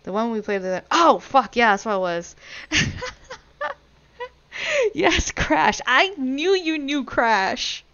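A woman's voice: a little high, sing-song, unhurried, fairly bright tone, clean tone. A woman livestreaming a game, chatting casually with viewers, thanking them and swearing freely. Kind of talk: casual live-stream chat while gaming. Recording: dull lo-fi stream audio.

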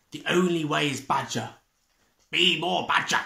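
A woman drag queen reading a children's picture book aloud in an expressive, theatrical way. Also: deep voice, measured pace, gravelly, roomy sound, a little hiss or hum. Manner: expressive, theatrical, swooping between whispers and loud calls. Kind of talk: children's story read-aloud.

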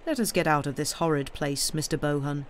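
A man reading aloud, voicing a quiet little priest with an easy, friendly manner. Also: on the high side, a little fast, a little hiss or hum, close to an everyday voice.

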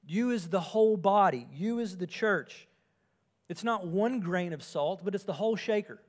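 Man, pastor, sermon, earnest preaching, slightly high voice. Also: expressive, moderate pace. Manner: earnest preaching, swinging from emphatic to quiet.

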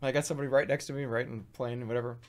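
A man in his thirties streaming, rambling through comic stories in an animated, swearing storytelling way. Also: medium pitch, racing.

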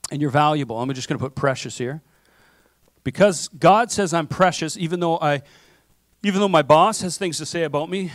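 A man's voice: on the high side, no room sound. A man preaching a sermon as pastor in a conversational way, often checking in with "okay?" and acting out what people say to themselves. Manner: conversational preaching with frequent "okay?" and acted self-talk. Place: church sanctuary.

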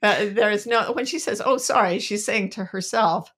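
A woman's voice: mid-range voice, normal speed, fairly bright tone. A woman co-hosting a podcast, telling a funny story with dramatic sound effects in casual chat. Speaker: podcast co-host.

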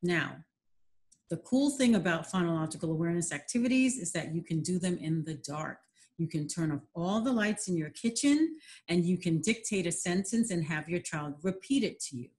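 A middle-aged woman, a literacy educator, giving a clear, patient lesson for parents from her home kitchen, modeling words slowly. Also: on the low side, animated, a little mellow. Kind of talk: instructional demonstration for parents.

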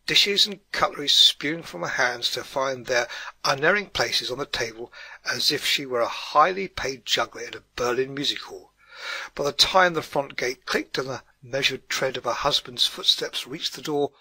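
A man's voice: mid-range voice, sharp tone, slightly rough, no echo. Wry man narrating an audiobook. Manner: wry, measured storytelling.

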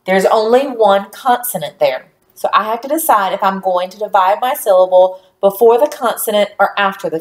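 A woman teaching a recorded phonics lesson to young children, speaking slowly and clearly and praising answers. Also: mid-range voice, roomy sound.

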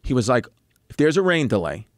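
A comedian in his thirties, guesting on a podcast, tells a story in casual chat, animated and profane, acting out other people's lines as he goes. His medium-pitched voice is a little fast, and the studio-quality recording from the podcast studio has no room sound.

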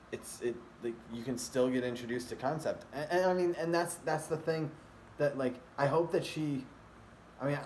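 A man's voice: mid-range voice, slight background noise. A man vlogging casually, rambling with many fillers and restarts. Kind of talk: casual rambling vlog talk. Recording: echoey room with faint ambience.

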